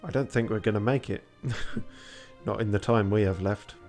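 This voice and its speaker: A man's voice: fairly even intonation, moderate pace, a little mellow, faint music behind. A tired man, a streamer muttering casual gameplay commentary, swearing now and then. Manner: low-key muttering, swears often. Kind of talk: casual gameplay commentary, reading game text aloud.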